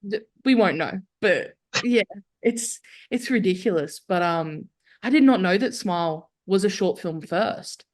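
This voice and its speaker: A woman's voice: mid-range voice, expressive, measured pace. A young adult woman, a guest filmmaker chatting casually and candidly on a podcast, full of "like" fillers. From Australia.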